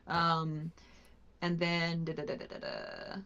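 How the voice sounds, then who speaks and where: A woman's voice: sits low, huge pitch swings, takes it slowly, vocal fry, fairly bright tone, muffled recording. A woman co-hosting a live stream, chatting casually, reading viewer questions and trailing off as she searches for words.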